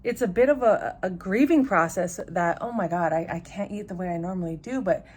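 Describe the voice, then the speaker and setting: A woman's voice: on the low side, fairly quick, a little mellow. A woman in her forties chatting casually at home for her vlog, rambling with lots of restarts and fillers. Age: 40s. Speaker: vlogger.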